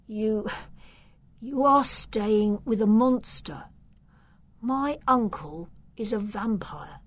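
A woman's voice: mid-range voice, takes it slowly, dry recording, voice pushed up. Woman voicing a frightened orphan boy. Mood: insistent. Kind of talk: storybook reading.

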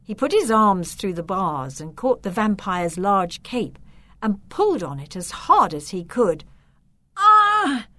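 Slow, expressive woman storyteller. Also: mid-range voice, dry recording. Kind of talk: children's story narration.

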